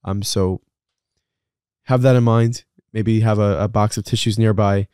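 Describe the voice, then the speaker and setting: A man's voice: on the low side, fairly even intonation, a little slow, warm tone, clean tone, dry recording, studio quality. A man hosting a podcast interview in a chatty, casual way with many fillers and restarts. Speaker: podcast host.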